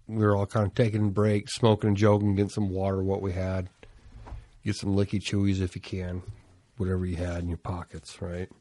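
A man's voice: sits low, little pitch movement, a little fast, mellow, no echo. A man, an army veteran, recalling a war story in laid-back, profane talk among friends.

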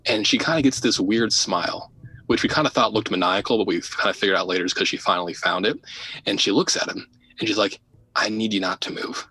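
A man guest on a podcast telling a story in casual, animated talk, often laughing, repeating words and dropping to a hush at tense moments. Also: lowish voice, quick pace, breathy edge, low-quality recording. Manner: drops to a hushed voice for tense moments. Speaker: podcast guest, paranormal investigator.

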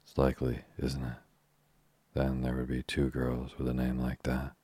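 A man's voice: extremely low pitch, completely flat delivery, normal speed, mellow, slightly rough, no echo. A man reading the part of a bold, cheeky young woman adventurer, sweetly teasing and coolly confident.

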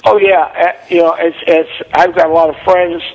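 A man talking as a guest musician in a relaxed interview, speaking in easygoing, halting phrases. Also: on the high side, long reverb tail, muffled recording. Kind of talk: casual interview chat.

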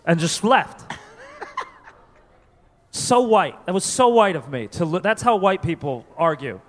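A man's voice: high voice, lively intonation, unhurried, long pauses. A man from Connecticut doing a loose, self-mocking stand-up comedy set, slipping into voices. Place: comedy club stage. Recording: live in a reverberant club.

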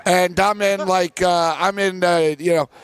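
A man hosting a sports betting show, telling stories in casual chat with lots of fillers and animated delivery. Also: high voice, a little slow, clear, resonant tone, dry recording. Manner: animated storyteller, many fillers.

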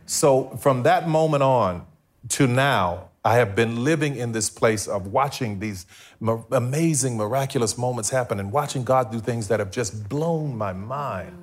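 At a faith talk, a middle-aged man tells the dramatic story of his own testimony, performing each bit of quoted dialogue. He speaks at a measured pace in a mid-range voice.

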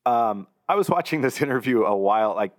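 A man's voice: medium pitch, animated, a little fast. A man co-hosting a podcast, telling a rambling story in casual chat and laughing often. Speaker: podcast co-host.

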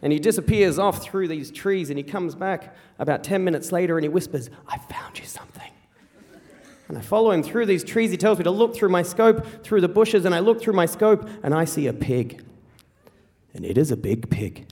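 A man telling a true story live on stage, wry and animated, acting out the voices of the people he quotes. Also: high voice, fairly quick. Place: theater stage before an audience. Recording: reverberant hall.

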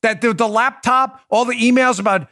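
A man's voice: extremely high pitch, steady tone, normal speed, bright, forceful tone, no echo, studio quality. A man hosting a political podcast, talking in a sarcastic, incredulous and emphatic way to his listeners and his co-host. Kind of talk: opinionated podcast monologue.

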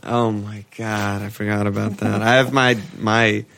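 A man's voice: on the low side, flat delivery, measured pace, gravelly, fairly bright tone. A man co-hosting a casual podcast, swearing freely, rambling and laughing as he talks. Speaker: podcast co-host. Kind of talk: casual chat.

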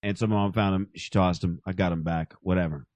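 A man's voice: sits low, steady tone, quick pace, a little mellow, dry recording. A man in his thirties telling a rambling, crude, self-mocking story in casual chat. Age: 30s.

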